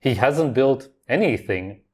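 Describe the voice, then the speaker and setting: A man's voice: mid-range voice, animated, unhurried, noisy background. A man hosting a reaction video, commenting on clips in a blunt, dismissive, contrarian way.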